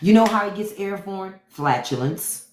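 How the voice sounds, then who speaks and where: A woman's voice: mid-range voice, lively intonation, normal speed, slight background noise. A woman hosting a livestream, talking back to the chat with profane, mocking commentary. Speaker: podcast host on a livestream. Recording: roomy echo.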